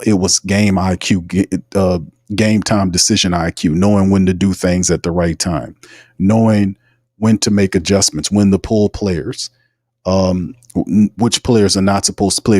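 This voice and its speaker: A man's voice: deep voice, a little mellow, no echo, studio quality. A man hosting a sports livestream, ranting in a heated, repetitive way. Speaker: sports podcast host. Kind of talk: casual livestream commentary.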